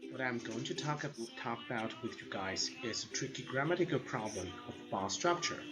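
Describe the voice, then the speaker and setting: A man with a mid-range voice and lively intonation teaches grammar a little fast, explaining earnestly and repeating words along the way. He's a language teacher; the audio is dull and lo-fi, with faint background music.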